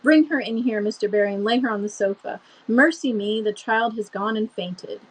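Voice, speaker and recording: A sharp, stern older woman, as a reader puts her on. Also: medium pitch, husky, close to an everyday voice, rough recording. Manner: sharp, brisk.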